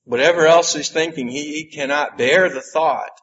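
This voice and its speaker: A man preaching a sermon, slow and emphatic, with dramatic pauses. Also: on the high side, a bit bright, dull audio. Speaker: pastor.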